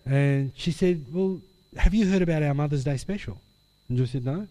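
A man preaching a sermon, telling an animated story and acting out the dialogue. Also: a little high, moderate pace. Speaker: pastor. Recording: long hall reverb.

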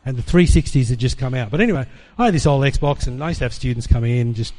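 A man preaching, telling a personal testimony as an animated storyteller who acts out the dialogue. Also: medium pitch, fast.

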